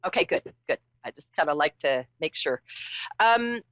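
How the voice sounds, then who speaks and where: A woman's voice: deep voice, animated, normal speed, a bit bright, dry recording, dull audio. A woman hosting a call-in psychic show, talking in a chatty, teasing way with emphatic repetitions. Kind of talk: live call-in psychic reading.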